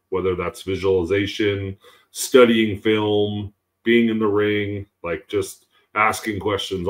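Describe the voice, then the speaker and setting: Low-voiced man musing in casual chat. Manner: rambling, many fillers and tag questions. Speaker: podcast co-host.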